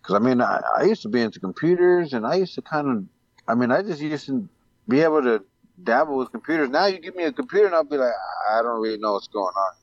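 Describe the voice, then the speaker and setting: A man's voice: mid-range voice, animated, fast, no room sound, muffled recording. A man chatting casually, laid-back and rambling, with many hesitations. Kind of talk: casual chat.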